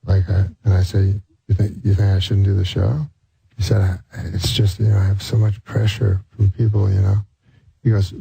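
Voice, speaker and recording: A man telling a casual anecdote in an interview, understated and halting, with many fillers. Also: on the low side, steady tone, creaky, dark tone, slightly rough, no echo, rough recording. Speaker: guest telling a story.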